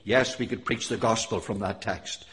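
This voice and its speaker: A man preaching a sermon with earnest emphasis, reading scripture aloud and swinging between loud stressed phrases and soft quiet ones. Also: on the low side, steady tone, moderate pace. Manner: reads scripture in King James wording.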